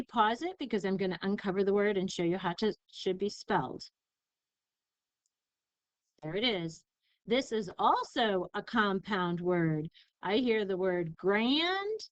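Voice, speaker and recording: A woman teacher giving a recorded spelling lesson, sounding out syllables slowly and carefully. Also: mid-range voice, animated, clean tone, no room sound, highs cut off. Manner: slow, careful enunciation of syllables.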